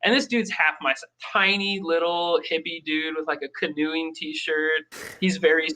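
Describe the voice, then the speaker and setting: A man from Minnesota, a podcast guest, telling animated stories in casual talk and acting out the people he met. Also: on the high side, moderate pace, low-quality recording. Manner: animated storyteller, acts out quoted people. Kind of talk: casual storytelling.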